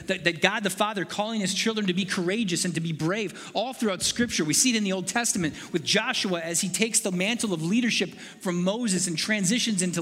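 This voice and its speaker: A man's voice: high-pitched, fairly bright tone, big-room sound. A male pastor preaching a sermon, earnest and building to urgent rhetorical questions.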